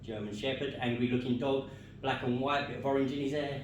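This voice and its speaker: A man doing a stand-up comedy set, telling jokes in a deadpan storytelling way and chuckling at his own punchlines. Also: mid-range voice, fast, slight background noise. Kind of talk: stand-up set with crowd work. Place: comedy club stage. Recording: echoey club room, mic far off.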